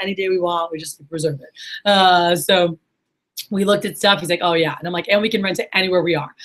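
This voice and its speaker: A young woman giving a motivational sales workshop talk, chatty and excited, full of "like" and "you know". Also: mid-range voice, poor audio. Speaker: sales trainer. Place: conference room.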